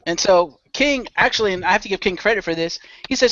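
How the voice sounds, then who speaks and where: A man's voice: high voice, fast, sharp tone, muffled recording. A man chatting casually as a podcast guest, rambling through a story with fillers and swearing. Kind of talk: casual chat.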